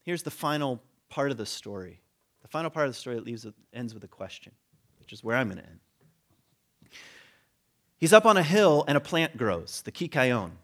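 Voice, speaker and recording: A man's voice: medium pitch, moderate pace, pauses often. A man giving a conversational sermon, telling a story with humor and briefly acting out the characters' lines. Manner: animated storytelling, acting out quoted voices with humor. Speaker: preacher.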